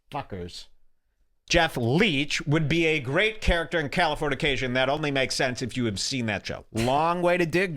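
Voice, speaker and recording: A man's voice: mid-range voice, fairly bright tone. A man hosting a podcast, rambling through casual commentary with crude, sarcastic jokes. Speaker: show host.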